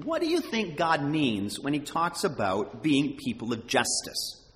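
Animated preacher in a reverberant hall. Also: male voice, on the high side. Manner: animated, emphatic, halting restarts. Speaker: pastor. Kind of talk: sermon.

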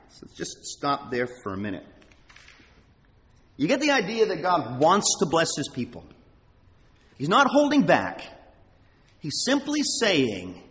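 A man preaching a sermon as pastor, emphatic and animated, with halting restarts. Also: sits high. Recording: long hall reverb.

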